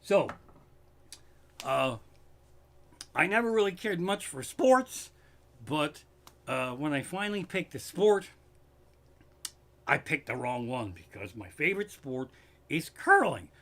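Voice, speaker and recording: A man's voice: fairly high pitch, big pitch swings, takes it slowly, long pauses, a bit bright. A man doing profane, worked-up stand-up comedy, streamed live from his living room, with a Pennsylvania accent.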